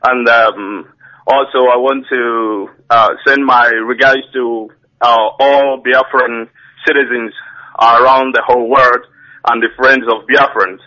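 Man, radio caller, hesitant, fillers, bright tone, lo-fi. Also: medium pitch, fairly even intonation, takes it slowly. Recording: muffled phone-in audio.

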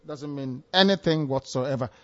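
A man's voice: medium pitch, normal speed, a bit bright, dull audio. A man hosting a call-in radio show, talking emphatically and repeating himself to drive points home. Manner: interrupts with repeated hold on, emphatic and repetitive. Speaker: radio host taking calls.

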